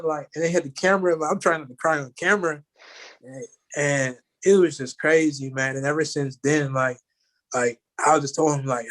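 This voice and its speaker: A man's voice: mid-range voice, fairly even intonation, brisk, fairly bright tone. A man guest telling a personal story in casual chat, rambling with lots of fillers. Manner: rambling, many fillers like "you know" and "like".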